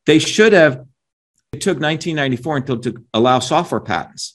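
A man's voice: fairly high pitch, animated, a little fast. A man speaking as an interview guest, emphatic and combative, pushing his points and often tagging them with a questioning "right?". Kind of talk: opinionated interview talk.

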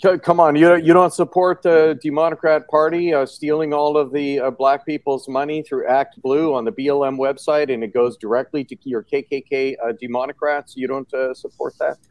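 A man's voice: fairly high pitch, level tone, normal speed, few pauses, a little mellow, no room sound. A man co-hosting a political chat show who talks sarcastically and rambles with many fillers. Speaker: show host.

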